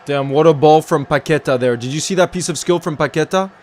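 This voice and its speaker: A man giving excitable live commentary on a football match while greeting viewers in his chat. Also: fairly high pitch, fairly quick, slight background noise. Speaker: watchalong streamer.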